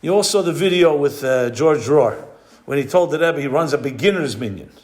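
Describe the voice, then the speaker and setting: Man with a higher voice teaching a class. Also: expressive, fairly quick, a little mellow. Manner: explains step by step, weaving in Hebrew and Yiddish terms; stops often to search for the right word. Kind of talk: explanatory class lecture.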